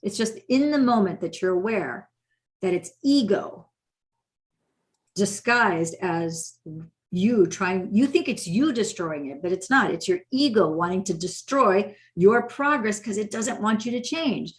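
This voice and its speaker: A woman's voice: mid-range voice, a little slow. A woman teaching meditation in a casual spoken style, acting out inner dialogue as she explains. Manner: animated, acts out inner dialogue in quotes.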